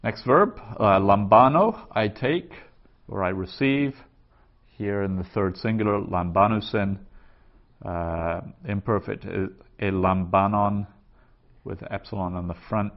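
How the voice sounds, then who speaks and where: Male teacher, deep and unhurried, patient and methodical, muffled lo-fi sound. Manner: patient, methodical, repeats forms aloud. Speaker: Greek teacher. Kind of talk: slow spoken grammar lesson.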